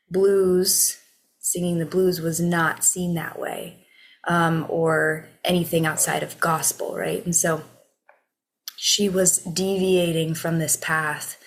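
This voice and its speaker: A woman co-hosts a casual podcast discussion, working through her thoughts slowly and carefully. Her voice sits a little low, and she leaves long pauses filled with ums and likes. The delivery is relaxed and reflective. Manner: unhurried, thoughtful, lots of fillers. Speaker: podcast co-host.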